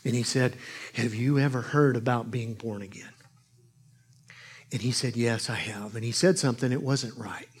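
Husky-voiced preacher telling a story. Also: male voice, mid-range voice, moderate pace. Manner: animated storytelling, swings between loud exclamations and hushed asides. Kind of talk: sermon with storytelling.

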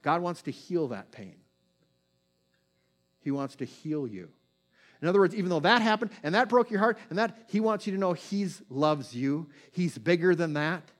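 A man delivering a sermon as a pastor, moving between quick bursts and slow, hushed phrases. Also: a little high, very animated.

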